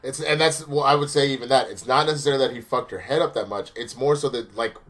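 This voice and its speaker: A man co-hosting a casual episode review, recapping the plot in a rapid storytelling way. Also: medium pitch, fairly bright tone. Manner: rapid storytelling recap with quick quoted lines. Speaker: co-host reviewing a cartoon episode.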